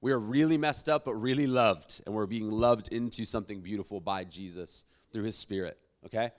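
A man preaching a sermon as pastor, swinging between loud emphatic lines and quiet asides. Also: lowish voice, a little fast.

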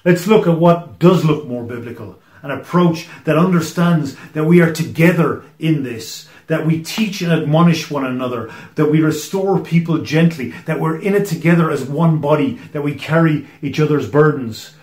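Male preacher, slightly high voice, earnest and emphatic, echoey room. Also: moderate pace, hardly any pauses. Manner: earnest and emphatic, often dropping to a hushed close. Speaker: pastor. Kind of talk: sermon.

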